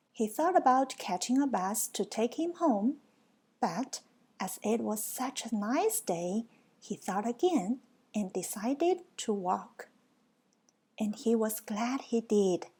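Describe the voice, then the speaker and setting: Slow husky woman reading a kids' story. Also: a little high, warm tone. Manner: playful, teasing asides to listeners. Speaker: storybook reader. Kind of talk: reading a children's picture book aloud.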